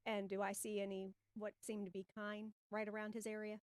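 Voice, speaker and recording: A woman's voice: medium pitch, completely flat delivery, brisk, no echo. Inquisitive woman playing a tabletop game. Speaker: player. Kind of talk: tabletop role-play, in and out of character.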